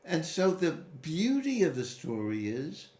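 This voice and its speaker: A man giving interview answers as a storyteller, animated, with sudden rises in pitch and quick asides. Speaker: guest. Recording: roomy echo.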